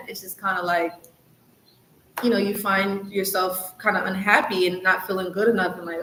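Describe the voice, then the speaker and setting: A woman's voice: mid-range voice, little pitch movement, brisk, a bit bright. Chatty woman giving advice in an echoey room. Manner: chatty, loose, full of "like" and "you know"; earnest and encouraging, repeats herself for emphasis. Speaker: channel host, coach on recovery from narcissistic abuse. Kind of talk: casual advice vlog. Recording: echoey room with faint background hiss.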